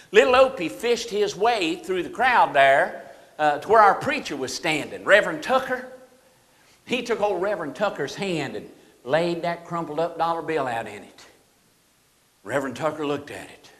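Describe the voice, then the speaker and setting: Man impersonating a nervy Southern small-town deputy, high bright voice, folksy yarn-spinning, echoey hall. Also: big pitch swings, moderate pace. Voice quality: folksy drawl, tells yarns and quotes others. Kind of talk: comedic stage monologue. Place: banquet hall.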